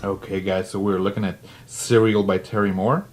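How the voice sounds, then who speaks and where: A man's voice: on the low side, fairly even intonation, moderate pace, over music. A man who casually reviews a comic book, with plenty of fillers and restarts. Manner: chatty, filler-heavy, restarts.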